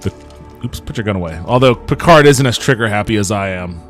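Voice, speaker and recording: A man's voice: lowish voice, animated, a little fast, a bit bright, soft background music. A man hosting a podcast, giving casual, joking, profane commentary while playing a video game. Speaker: podcast host and gamer.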